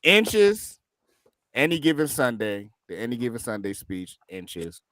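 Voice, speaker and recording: A man's voice: medium pitch, very animated, measured pace, a bit bright, no room sound. A man appearing as a guest on a podcast, chatting casually and joking as he counts down his list on a new microphone.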